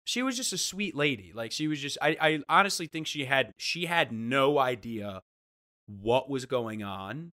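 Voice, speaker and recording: A man telling a funny story in casual chat, animated and acting out the voices he quotes. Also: medium pitch, measured pace. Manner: animated, acts out quoted voices, restarts often. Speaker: guest storyteller.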